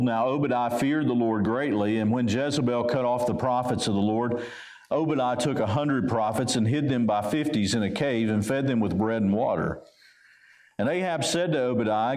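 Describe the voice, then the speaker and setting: A man with a Southern US accent preaches from the pulpit in a medium-pitched voice. He reads long scripture passages aloud and then explains them in a plain, conversational way. The sound carries the echo of a church sanctuary. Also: a little mellow. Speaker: pastor. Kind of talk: sermon with scripture reading.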